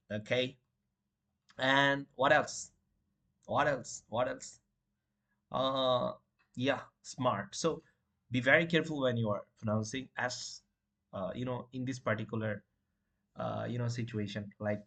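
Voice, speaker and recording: A man's voice: medium pitch, takes it slowly, long pauses, fairly bright tone. A man teaching beginners to pronounce letters, repeating each word and correcting common mistakes. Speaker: English teacher. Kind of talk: beginner pronunciation lesson.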